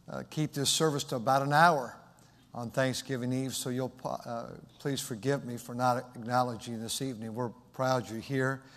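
A man, the pastor, making relaxed church announcements with a few hesitant fillers. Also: medium pitch. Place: church service. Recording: reverberant church hall.

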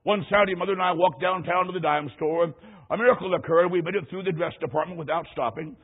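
A man's voice: sits high, fast, slightly rough. A middle-aged male preacher delivering a sermon, telling a folksy story and repeating key phrases for emphasis. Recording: tinny lo-fi radio broadcast.

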